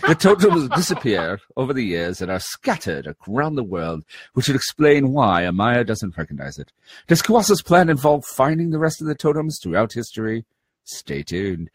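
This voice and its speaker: A man with a husky, slightly breathy voice that swoops up and down as he jokes through a casual podcast chat. He reads listener mail in an animated way, recorded close and dry. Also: mid-range voice, dry recording. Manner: jokey, laughing banter. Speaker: podcast co-host.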